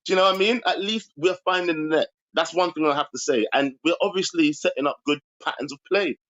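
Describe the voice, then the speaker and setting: A man calls into a football show, upbeat and playful, often laughing. His voice sits a bit high and comes through a slightly dull, muffled line. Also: quick pace, a bit bright. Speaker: caller. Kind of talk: live-stream call-in football chat.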